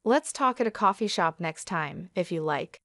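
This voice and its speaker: A woman's voice: fairly low pitch, lively intonation, moderate pace, vocal fry, sharp tone, no echo, voice pushed down, full character voice. A woman reading the lines of a polite, apologetic young man in her own voice.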